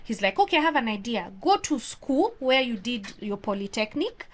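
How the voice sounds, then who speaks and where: A woman from Kenya, an orthodontist guest in a casual interview, telling a story in a lively way and acting out the dialogue. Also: on the high side, normal speed, a little hiss or hum. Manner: animated, acts out quoted dialogue.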